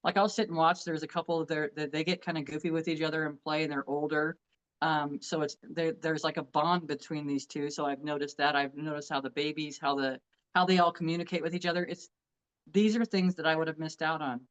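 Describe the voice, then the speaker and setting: A woman's voice: sits low, level tone, brisk, poor audio. A middle-aged woman with grandchildren, co-hosting a casual chat in an earnest, heartfelt way, often restarting her sentences. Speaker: co-host.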